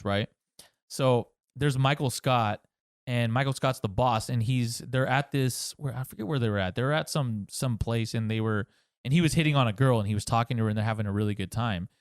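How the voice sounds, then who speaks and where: A man's voice: mid-range voice, lively intonation, brisk. A man co-hosting a podcast, chatting casually, rambling and joking with frequent restarts. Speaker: podcast co-host. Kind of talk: casual chat.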